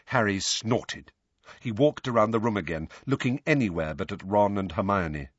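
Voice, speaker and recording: A man narrating an audiobook in a lively, expressive way. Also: on the low side, moderate pace, no echo. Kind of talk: storybook narration. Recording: dry, slightly lo-fi recording.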